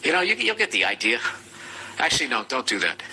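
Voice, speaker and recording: Sarcastic Boston man with a sharp voice. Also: mid-range voice, huge pitch swings, brisk, a little hiss or hum, low-quality recording. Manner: profane, sarcastic, mocking listener letters. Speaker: podcast host giving advice. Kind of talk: comedic podcast rant.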